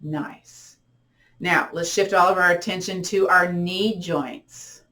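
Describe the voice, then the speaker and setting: A middle-aged woman teaching gentle yoga, guiding breathing and a body-scan meditation in slow, soothing cues with counted breaths. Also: on the low side, fairly even intonation. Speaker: yoga and tai chi instructor.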